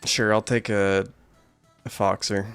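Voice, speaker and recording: A man's voice: on the low side, flat delivery, takes it slowly, a bit bright, smooth, soft background music. A man streaming a horror game, commenting with joking, self-deprecating asides.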